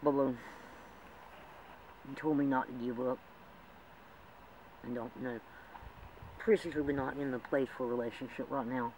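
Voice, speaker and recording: A man's voice: medium pitch, fairly even intonation, moderate pace, long pauses. A man talking in a rambling, emotional way in a homemade drama, with frequent laughs. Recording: distant mic with loud background noise.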